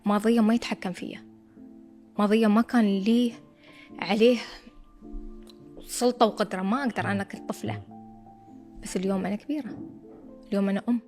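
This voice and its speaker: A woman's voice: medium pitch, fairly even intonation, very fast, long pauses, darkish tone. A young woman, talking in a firm, self-assured and emphatic way about her own life. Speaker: interviewee in a played clip. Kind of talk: reflective personal talk, mixing Arabic and English. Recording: background music under the clip.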